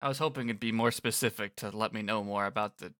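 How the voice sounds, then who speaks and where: A man's voice: fairly low pitch, quick pace, a bit bright. A man co-hosting a podcast in casual chat, easygoing and hesitant, with laughs. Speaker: podcast co-host.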